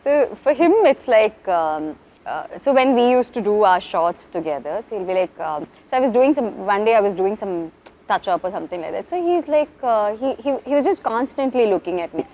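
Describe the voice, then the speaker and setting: A woman in her thirties, a film actress chatting as an interview guest, telling stories with lively animation and frequent giggles. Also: medium pitch, fast talker, dull audio, a little hiss or hum. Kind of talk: casual interview chat.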